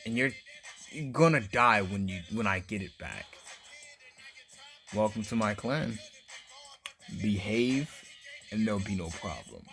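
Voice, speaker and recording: A man voicing a cocky, menacing teenage boy ninja leader who makes calm, smug threats. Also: lowish voice, measured pace, gravelly, long pauses, soft background music, heavily acted. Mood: smug threatening.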